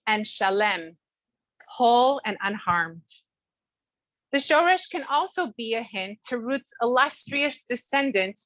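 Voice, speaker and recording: A middle-aged woman, a mother, reading a heartfelt speech at her daughter's bat mitzvah, measured and sprinkled with Hebrew terms. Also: on the high side, fairly bright tone, no echo, rough recording. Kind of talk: read-aloud family speech. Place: Toronto.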